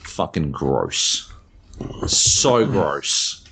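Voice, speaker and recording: A man's voice: extremely low pitch, wildly swooping pitch, drawn-out words, creaky, background noise. A young Australian man, a podcast co-host, rambling through a casual chat and swearing freely.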